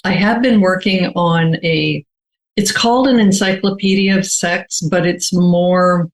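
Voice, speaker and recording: Measured older American woman author. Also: fairly low pitch, fairly even intonation, low-quality recording. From United States. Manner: measured, thoughtful, stretches key words slowly. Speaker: author being interviewed. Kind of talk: conversational interview answers.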